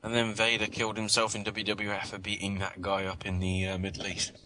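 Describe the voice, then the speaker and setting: A man co-hosting a radio chat, tossing in quick wisecracks. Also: on the low side, completely flat delivery, background noise. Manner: wisecracking interjections.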